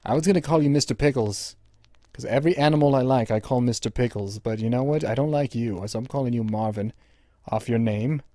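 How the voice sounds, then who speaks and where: A man's voice: mid-range voice, brisk, dark tone, no room sound. A young man giving rambling, crude running commentary while playing a game, mocking the characters with joking insults. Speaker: gameplay commentator.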